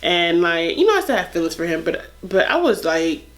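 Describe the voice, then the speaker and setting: A young woman vlogger telling a casual story, animated and blunt, swearing freely. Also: lowish voice, brisk.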